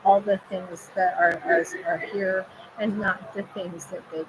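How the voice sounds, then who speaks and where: A woman's voice: on the low side, a little slow. A woman speaking as a spirit medium, relaying messages in a channeled monologue with repetitive, chant-like phrasing. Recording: steady background noise.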